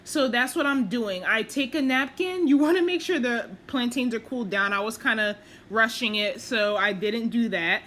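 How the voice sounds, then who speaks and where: A woman's voice: fairly high pitch, animated, moderate pace, hardly any pauses, a bit bright. A woman talking casually over her cooking video, chatty and self-deprecating, with plenty of fillers as she explains each step. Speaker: cooking vlogger.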